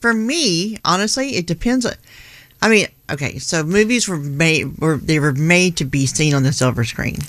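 A woman co-hosting a casual chat show, easygoing with quick reactions. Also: deep voice, a bit bright, no room sound. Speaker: co-host.

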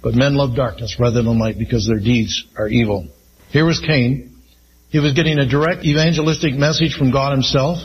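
A man preaching a sermon as pastor, speaking slowly and with emphasis and reading Scripture aloud. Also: medium pitch, muffled recording, a little hiss or hum.

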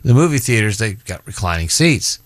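A man's voice: on the low side, big pitch swings, fairly quick, dry recording. A middle-aged man hosting a casual chat show, rambling and often breaking off mid-sentence. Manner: rambling, self-interrupting, chatty. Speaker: show host.

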